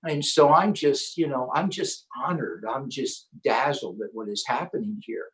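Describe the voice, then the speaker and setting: A man hosting an online conference, telling an inspirational story with excitement and acting out the quotes. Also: medium pitch, moderate pace, low-quality recording. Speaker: host.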